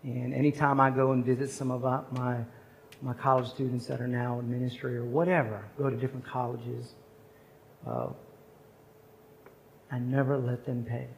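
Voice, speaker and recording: A man's voice: medium pitch, fairly even intonation, normal speed, gravelly, long pauses, slight background noise, rough recording. A man in his forties preaching at a chapel service, telling a personal story and acting out the voices of the people in it. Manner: storytelling, acts out quoted voices. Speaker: chapel speaker. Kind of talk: sermon story.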